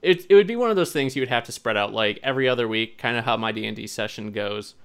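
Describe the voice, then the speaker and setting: A man's voice: mid-range voice, fast, smooth. A man co-hosting a casual podcast chat, joking and telling rambling stories. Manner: animated, joking, rambling storyteller.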